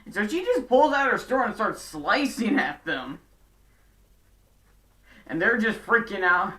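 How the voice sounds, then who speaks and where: A woman recapping a TV episode in a chatty, sarcastic way. Her voice is bright and forceful. She sits some distance from the mic. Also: mid-range voice, animated, normal speed. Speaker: show recap vlogger.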